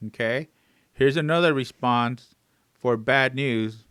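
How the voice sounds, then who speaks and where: Slow, smooth-voiced male English teacher. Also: mid-range voice, dry recording, clean studio sound. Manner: repeats phrases slowly, word by word, with rising emphasis; fillers and gentle asides to viewers. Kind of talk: slow, drilled phrase teaching.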